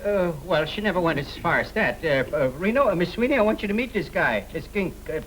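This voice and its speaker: A man's voice: sits high, expressive, brisk, fairly bright tone, slight background noise, rough recording. Slangy, stammering con man. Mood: flustered. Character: wisecracking small-time con man posing as a clergyman. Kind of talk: 1930s screwball film comedy.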